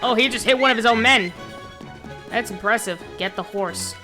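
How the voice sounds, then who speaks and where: A young woman streaming a video game, swinging between loud excitement and low muttering as she talks. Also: moderate pace, soft background music. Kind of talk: casual gameplay commentary.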